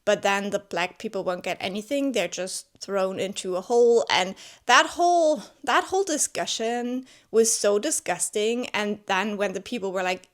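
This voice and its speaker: This book vlogger, a woman whose first language isn't English, speaks at a normal pace in a mid-range voice with hardly any pauses. Reviewing a novel casually at home beside her cat, she's animated and visibly moved, exclaiming as she goes, saying "like" a lot and restarting her thoughts.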